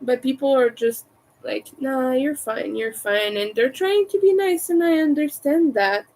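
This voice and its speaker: Slow-talking woman with a French accent. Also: a little high, darkish tone, poor audio. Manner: carefully overpronounces her T's. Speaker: crochet livestreamer. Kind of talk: casual livestream chat.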